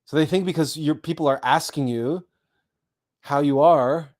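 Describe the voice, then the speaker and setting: A man hosting a live spiritual talk, speaking slowly and meditatively with soft pauses and repeated phrases as he guides listeners through a visualization. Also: fairly high pitch.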